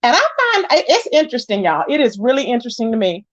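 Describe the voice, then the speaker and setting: A woman hosting a casual live gossip stream, greeting viewers by name and retelling the drama with lively quoted voices. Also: fairly high pitch, fast, dry recording, dull audio. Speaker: host of a live gossip channel. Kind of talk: casual livestream chat.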